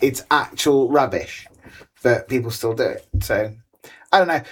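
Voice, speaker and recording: A man's voice: medium pitch, lively intonation, unhurried. A man co-hosting a podcast, arguing his case in a reasoned way and reading listener comments aloud. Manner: reasoned, argumentative, reads listener messages aloud. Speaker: podcast co-host. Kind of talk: casual chat.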